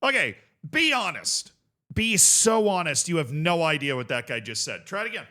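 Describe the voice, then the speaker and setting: A young man hosting a casual video reaction show, talking in an animated, rambling way with swearing and bursts of laughter. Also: on the high side, a little fast. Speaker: host.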